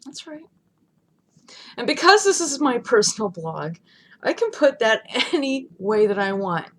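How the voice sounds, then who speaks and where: A woman vlogging from home in a casual, chatty rant, laughing often and swinging between loud outbursts and hushed asides. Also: a little high, big pitch swings, measured pace, slight background noise. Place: home, not in her studio.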